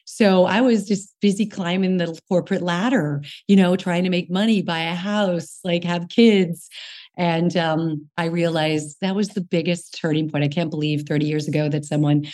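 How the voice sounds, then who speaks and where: A woman's voice: fairly low pitch, fairly even intonation, moderate pace, darkish tone. A woman in her sixties, a nutritionist and guest, telling her story frankly and with energy, often saying "you know". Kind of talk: interview storytelling.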